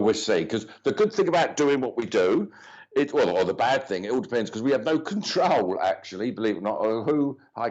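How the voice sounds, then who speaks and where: Hosting a live mediumship reading stream, a man chats loosely, greeting viewers by name between rambling remarks full of filler. His voice is medium in pitch and a little mellow, heard through dull lo-fi stream audio.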